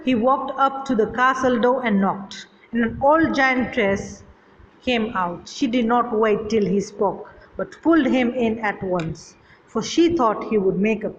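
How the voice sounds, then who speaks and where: A woman teacher with a fairly high voice reads a story line by line and paraphrases each part in simple words. The recording is dull and lo-fi, with long hall reverb and faint noise behind her. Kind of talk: reading a story and explaining it in a lesson. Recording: echoey hall, dull lo-fi sound.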